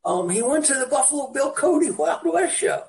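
A man from New York, a historian being interviewed, telling anecdotes in a lively, rambling way. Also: extremely high pitch, moderate pace, gravelly, recorded from a distance, poor audio. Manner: animated, digressive, puts on voices for quotes. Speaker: historian and author guest.

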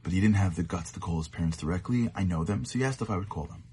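A man giving a short, earnest sermon as a storyteller, sometimes dropping to hushed tones for emphasis. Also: low voice, racing, slightly rough.

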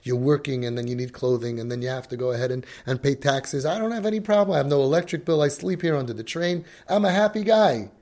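A scoffing, contented homeless man, as a male speaker puts him on. He talks low and dismissive, brushing off the idea of work. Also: fast, few pauses, darkish tone, lightly acted.

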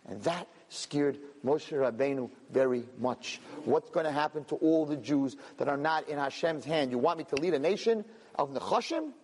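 A man in his thirties teaches a Torah lesson, telling the story in an animated way and asking rhetorical questions. His voice is high and husky, with a wide, lively pitch range. A long hall reverb trails behind it. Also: moderate pace, few pauses. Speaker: Torah lecturer.

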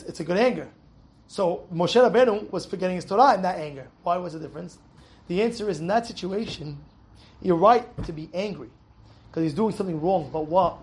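A young adult rabbi giving an animated, emphatic Torah lesson to young students, telling a story and repeating phrases for stress. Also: male voice, high voice. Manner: emphatic, repeats phrases, shouts in acted quotes.

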